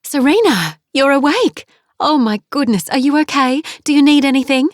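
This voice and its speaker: A woman's voice: medium pitch, expressive, unhurried, no room sound, clean studio sound, voice pushed up, close to an everyday voice. Woman voicing a weary worried mother. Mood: anxious. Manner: tender and anxious. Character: weary middle-aged mother, worried but gentle.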